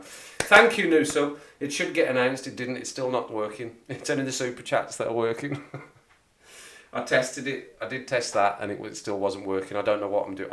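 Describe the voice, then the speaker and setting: A man from the Wolverhampton area of England, with a West Midlands accent, hosts a casual livestream chat. His medium-pitched voice has a fairly bright tone, and he rambles chattily, laughing often.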